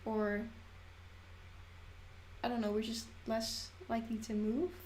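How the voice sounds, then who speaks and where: Soft-spoken Dutch-accented young woman. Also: a little high, little pitch movement, slow pace, roomy sound. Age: 20s. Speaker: guest. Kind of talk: casual livestream chat. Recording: faint background noise.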